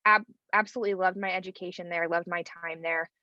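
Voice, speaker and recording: This pastor and theologian, a woman in her thirties from rural North Idaho, guests on an interview with a fairly low, pushed and bright voice. She talks quickly and fairly evenly, chatty and packed with fillers like "like." The sound is lo-fi.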